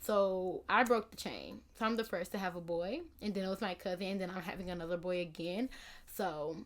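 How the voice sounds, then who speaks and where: A woman's voice: fairly low pitch, a little fast. Young woman rambling chattily to camera. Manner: rambling, many "like" and "you know" fillers. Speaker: vlogger. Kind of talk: casual chat to camera.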